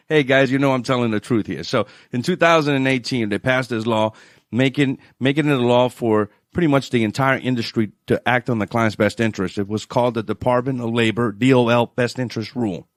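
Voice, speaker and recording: A man with a New Orleans accent, a financial adviser guest on a radio show, telling stories in an animated way and laughing often. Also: medium pitch, a little fast, dry recording, studio quality. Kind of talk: radio interview chat.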